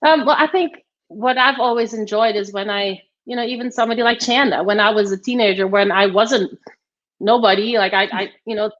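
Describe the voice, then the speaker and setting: A woman's voice: a little high, steady tone, a little fast. A woman guest chatting casually and rambling a little, with plenty of fillers and restarts. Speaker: guest, former tennis player. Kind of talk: casual chat. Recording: slightly dull, muffled audio.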